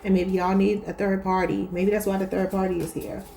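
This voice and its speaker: A woman's voice: medium pitch, flat delivery, a little fast, dark tone, a little hiss or hum. A woman with a Baltimore accent, giving a casual, chatty tarot reading and talking straight to her viewers. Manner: chatty, addresses viewers as y'all. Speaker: tarot reader.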